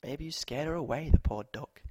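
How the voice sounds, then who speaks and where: A man doing a brisk, scolding mum. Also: on the high side, darkish tone, husky, dry recording, pitched above the performer's own voice. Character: mother of two girls, brisk and no-nonsense.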